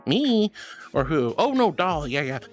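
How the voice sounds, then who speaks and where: An affectionate VTuber streamer on a casual live stream, calling viewers honey and sweetheart. The voice sits in a middling register but leaps around, from soft and reassuring to high and excited. Faint music plays underneath. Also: a little slow. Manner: swings between soft reassuring advice and high excited thanks. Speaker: VTuber livestreamer. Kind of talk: casual livestream chat reading and pep talk.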